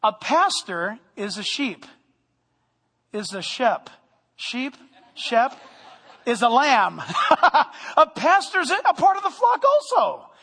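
High bright-voiced pastor preaching in a hall. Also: male voice, slow, creaky, pauses often, slightly rough. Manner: animated preaching with humor, sometimes loud. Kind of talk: sermon. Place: church sanctuary.

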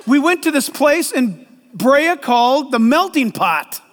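Pastor, middle-aged man, high voice, animated joking sermon delivery, big reverberant church hall. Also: unhurried.

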